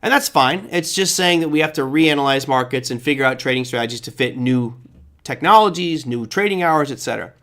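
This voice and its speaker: A man's voice: mid-range voice, animated, fairly quick, a bit bright. A man hosting a live trading stream, talking casually about the markets and answering viewer questions, often checking in with "right?". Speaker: trading show host.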